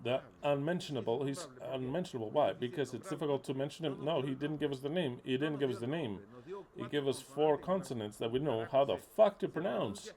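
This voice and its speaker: A man delivering a sermon with a medium-pitched voice. He talks emphatically and bluntly. He repeats his key words and swears now and then. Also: fairly quick, darkish tone. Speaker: preacher.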